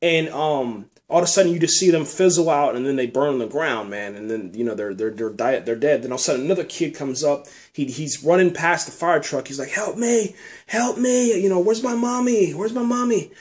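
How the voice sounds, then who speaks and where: A man with a medium-pitched voice talks a little fast with few pauses as he recounts a nightmare. His storytelling is loose and rambling, heavy on swearing, with "man" and "you know" sprinkled throughout.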